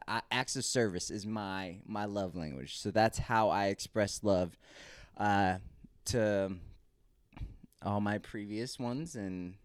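A man's voice: fairly low pitch, smooth, no echo. A man hosting his own podcast, telling a candid, rambling story about home life in a casual monologue. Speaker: podcast host. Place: Texas, recorded live.

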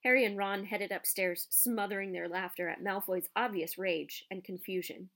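Woman narrator, audiobook reading, calm, even storytelling, mid pitch. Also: moderate pace.

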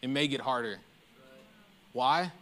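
A man preaching a sermon in a loose, conversational and animated storytelling way. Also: mid-range voice, slow. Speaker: pastor.

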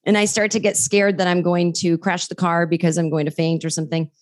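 Woman, podcast guest, comedian, lively storyteller, acts out quotes. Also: on the low side, fairly quick. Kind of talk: casual podcast chat.

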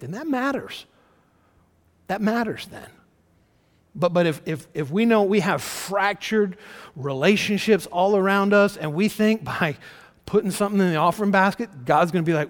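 A pastor delivers a sermon with earnest, conversational conviction, pushing some lines hard and dropping others to a near hush. His voice sits a little high for a man. The sound rings with the long reverb of a large hall. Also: animated, fairly quick. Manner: earnest, conversational preaching with swings from loud emphasis to soft.

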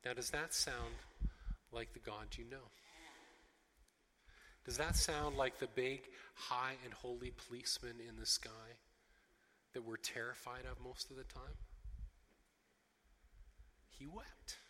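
Bright-voiced male preacher in a reverberant hall. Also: mid-range voice, measured pace, long pauses, a little hiss or hum. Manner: expressive, acting out quoted voices, frequent restarts. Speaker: pastor. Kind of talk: sermon. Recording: long reverb of a large hall.

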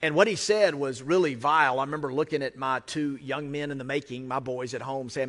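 A man's voice: medium pitch, fast talker, few pauses, fairly bright tone. A man with an American accent preaching a sermon as a pastor, talking conversationally with emphatic repetition. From United States. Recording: long reverb of a large hall.

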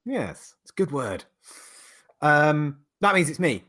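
A man's voice: a little high, sing-song, slow pace, fairly bright tone. A man hosting a casual podcast, laid-back and hesitant, with many filler sounds. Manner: laid-back, lots of ums and uhs. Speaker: podcast host. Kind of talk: casual chat.

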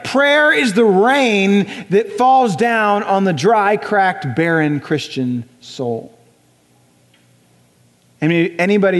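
A young adult man preaching a sermon in a church, conversational and animated, often acting out voices. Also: high voice. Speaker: pastor. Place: church sanctuary. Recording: church hall reverb.

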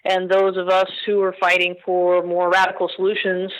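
A woman's voice: fairly low pitch, completely flat delivery, normal speed, no room sound, low-quality recording. A woman, a political organizer, answering interview questions in an earnest, thoughtful way with frequent restarts.

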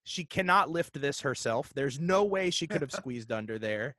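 A man in his thirties telling a ghost story in casual chat, animated and halting, with lots of fillers and restarts. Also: fairly high pitch, no echo.

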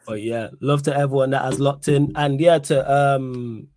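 A young man hosting a casual live-stream podcast, lively and slangy as he answers the chat. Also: medium pitch, normal speed, slight background noise. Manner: animated, reads chat aloud, slangy. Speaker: podcast host.

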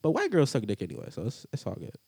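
A man's voice: medium pitch, huge pitch swings, very fast, vocal fry, a little mellow, husky, no echo. A man hosting a podcast in casual, crude banter, teasing his guests and laughing often. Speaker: podcast host.

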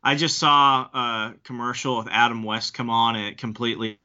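A man's voice: medium pitch, steady tone, normal speed, bright, forceful tone. A man who is a podcast guest, talking casually in a wry, offhand way. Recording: dull remote line.

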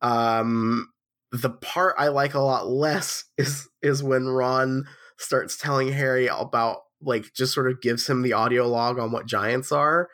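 A man co-hosting a podcast, sounding nasal with the flu, chatting in a wry, sweary way. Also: a little slow. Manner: wry, sweary, lively pitch swings. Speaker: podcast co-host. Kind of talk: casual chat.

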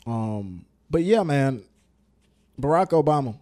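A man's voice: mid-range voice, lively intonation, slow pace, a little mellow. A man co-hosting a casual podcast, blunt and emphatic, swearing freely. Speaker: podcast co-host. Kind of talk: casual chat.

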